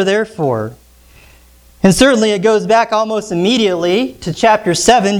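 A man preaching a sermon, emphatic, repeating key phrases and putting questions to the congregation. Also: sits high. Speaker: pastor.

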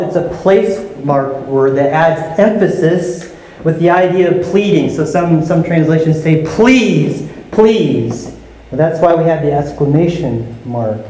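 A man's voice: a little high, mellow. A man preaching a teaching sermon, explaining scripture and asking his congregation questions. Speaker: pastor teaching a Bible study. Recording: echoey hall with faint ambience.

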